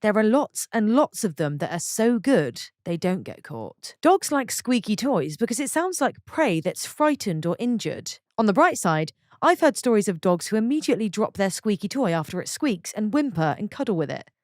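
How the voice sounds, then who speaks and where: A woman's voice: medium pitch, darkish tone, no room sound, studio quality. A woman narrating a string of short posts from an online forum, reading them one after another. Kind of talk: scripted story narration.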